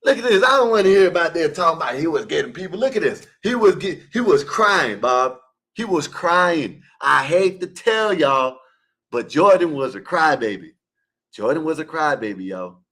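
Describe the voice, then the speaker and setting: Dude on a call-in panel going off about sports, keeps repeating himself, fairly high voice. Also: male voice, very animated, moderate pace, a bit bright. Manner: emphatic, repetitive, scolding the listeners. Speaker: caller in an online open panel. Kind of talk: heated casual sports debate.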